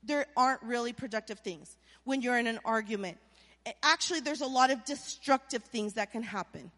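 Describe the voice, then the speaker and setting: Woman preacher, high voice, animated and playful, sermon, long hall reverb. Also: a little fast. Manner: animated, playful, addresses the crowd directly.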